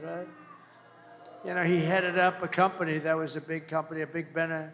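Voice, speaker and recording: A man delivers a campaign rally speech, rambling and repetitive, firing off insults and asides. His voice sits high and gravelly. The sound carries the long reverb of a large venue with faint ambience behind it. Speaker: political candidate at a campaign rally.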